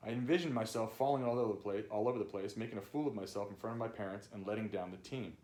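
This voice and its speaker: A man's voice: fairly low pitch, racing, warm tone, echoey room. A man reading his own memoir aloud, loose and conversational, with casual asides. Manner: loose, conversational, swears and laughs.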